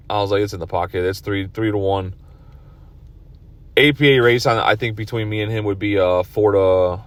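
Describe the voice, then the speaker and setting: A tired man commenting on his own pool match from his car, rambling and self-critical. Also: lowish voice. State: tired, yawning. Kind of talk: casual video commentary.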